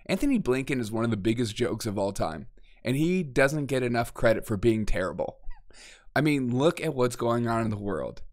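A man in the middle of the male pitch range hosts a casual political commentary monologue. He sounds mocking and exasperated, laughing often as he acts out quotes he ridicules. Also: expressive, moderate pace, a little mellow.

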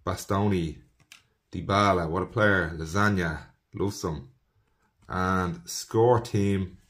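A man's voice: sits low, slow, fairly bright tone. A young man giving casual commentary while opening trading card packs, rattling off player names and talking to viewers as "folks.". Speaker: trading card box breaker.

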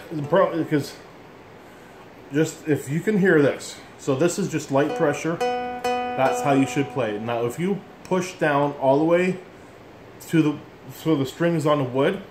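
A man's voice: mid-range voice, darkish tone. Blunt rambling man teaching an instrument. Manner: blunt, rambling, self-deprecating explanations. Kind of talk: casual music lesson. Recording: echoey room with instrument playing.

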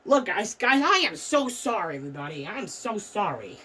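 A woman's voice: medium pitch, very animated, normal speed, bright, forceful tone, slightly rough, far from the mic. A woman giving frantic, swear-filled gameplay commentary, repeating "bro" constantly. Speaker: gamer.

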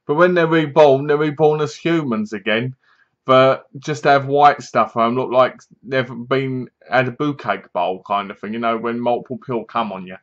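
A young man talks through a film in a loose, rambling review, often stopping to correct himself. His voice sits at an ordinary middle pitch. The recording is dull and lo-fi, like a simple home setup. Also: normal speed, a bit bright. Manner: rambling, self-correcting, acts out characters' lines. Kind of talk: casual spoken film review.

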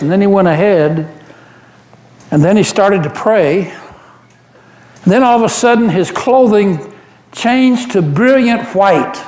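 Playing the apostle Peter during a church service, a man with a high-pitched voice delivers a first-person monologue as an earnest, devoted fisherman sharing memories. He is an earnest, animated storyteller with frequent restarts, and the sanctuary gives the recording a roomy echo.

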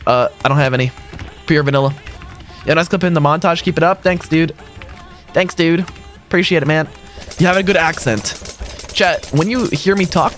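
A young man live-streaming a game, chatting casually and answering viewers' messages as he plays. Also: on the high side. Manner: casual, reads chat aloud and answers it. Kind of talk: live gaming stream chat.

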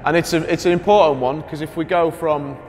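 A man's voice: a little high, fairly even intonation, brisk, a little mellow, a little hiss or hum. A man, a strength and conditioning coach, who explains sprint mechanics and keeps affirming with "yeah". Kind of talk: coaching interview chat. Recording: reverberant space with faint music.

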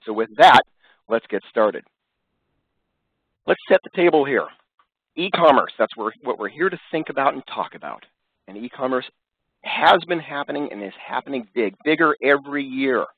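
A man's voice: mid-range voice, breathy edge, no room sound. A man with a head cold presents a business webcast in an upbeat way, with many fillers. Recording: dry, tinny phone-line audio.

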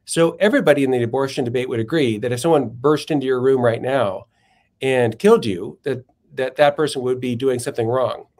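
A man's voice: mid-range voice, a little fast, darkish tone. A male philosopher and author, a guest on a podcast, telling stories thoughtfully and sometimes searching for words. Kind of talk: podcast interview, storytelling.

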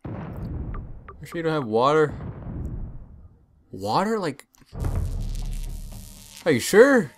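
A young man giving casual let's-play commentary, full of excited, puzzled exclamations. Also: a little high, very slow, long pauses. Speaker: gameplay commentator. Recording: game music under voice.

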